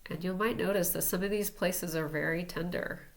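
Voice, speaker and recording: A woman teaching an energy healing technique in a casual, relaxed way, talking as she demonstrates tapping on herself. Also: fairly low pitch, normal speed. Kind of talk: casual instructional talk.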